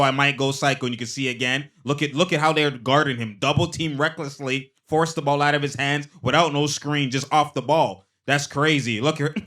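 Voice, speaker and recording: A man hosting a casual basketball replay breakdown, excitable and slangy, breaking into laughter between remarks. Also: mid-range voice. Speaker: host.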